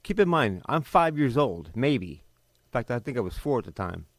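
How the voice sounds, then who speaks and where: A man's voice: medium pitch, very animated, moderate pace, dry recording. A man recounting his own past in an unscripted personal testimony, in a bitter, emphatic way. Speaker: personal storyteller.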